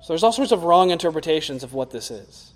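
High-voiced preacher man in a reverberant hall. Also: lively intonation, fast. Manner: earnest, rising to loud emphatic peaks then dropping low. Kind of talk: sermon.

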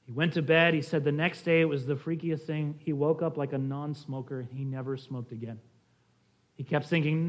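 A man's voice: fairly high pitch, steady tone, moderate pace. A man preaching a sermon, speaking earnestly and directly to his listeners as he tells a conversion story. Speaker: pastor.

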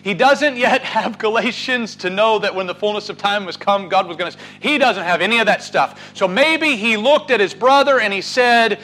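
High-voiced preacher guy, bright and sharp, gets loud then drops way down quiet. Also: lively intonation, normal speed, few pauses, slight background noise, poor audio. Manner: dramatic, wide swings from loud urging to hushed. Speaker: pastor. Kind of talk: sermon.

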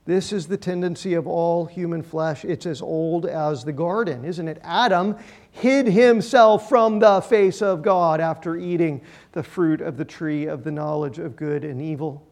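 High-voiced man preaching a sermon. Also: measured pace. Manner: emphatic preaching, swelling loud then dropping quiet. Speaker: pastor.

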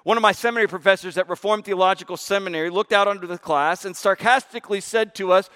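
A male pastor preaching a sermon, telling a story with emphatic rises and hushed drops. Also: sits high, quick pace, hardly any pauses.

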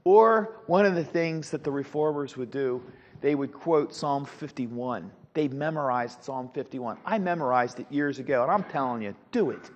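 A middle-aged man teaching a Sunday school class, animated, with rhetorical questions and frequent restarts. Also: mid-range voice, normal speed, slight background noise. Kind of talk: Bible teaching. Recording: dull lo-fi sound with long hall reverb.

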